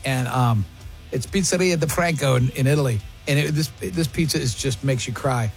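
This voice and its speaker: A man's voice: medium pitch, normal speed, creaky, faint music behind. A man hosting a radio talk show, chatting casually in an emphatic, opinionated way with plenty of restarts. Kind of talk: casual morning-show banter.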